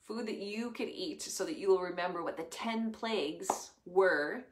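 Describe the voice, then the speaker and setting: A woman, telling a Bible story to children in an expressive, chatty way. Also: fairly low pitch, moderate pace, echoey room, noisy background. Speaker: children's church leader.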